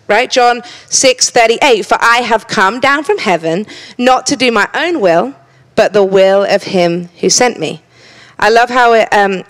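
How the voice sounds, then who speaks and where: A woman preaching to a church congregation at a middle pitch. She speaks earnestly, stumbling over and repeating her first words. Now and then she slips in playful asides to the room. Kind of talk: sermon.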